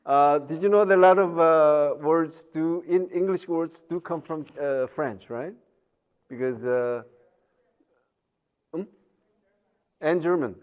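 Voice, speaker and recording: Chatty male lecturer, slow delivery. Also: fairly high pitch, a little mellow, clean tone. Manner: chatty, joking asides, many fillers and tag questions. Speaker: university lecturer. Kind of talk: recorded online lecture.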